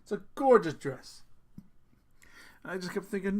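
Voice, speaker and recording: A middle-aged man, a father, ranting casually to camera in an animated, emphatic way, with sudden loud bursts and casual swearing. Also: high-pitched, a little slow, long pauses. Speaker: vlogger, father.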